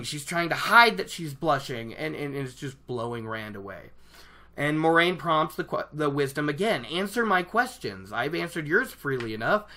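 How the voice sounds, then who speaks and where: An excitable book vlogger chatting to viewers about a fantasy novel in an ordinary mid-range voice. They ramble and trip over their own sentences, restarting thoughts and breaking into laughter at their own enthusiasm. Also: mid-range voice. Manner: excitable, rambling, self-interrupting, laughs often. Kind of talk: casual book discussion to camera.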